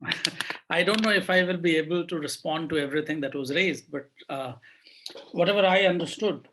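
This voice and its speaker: Hesitant higher-voiced man on a panel. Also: brisk, pushed and bright, slight background noise, rough recording. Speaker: panel speaker.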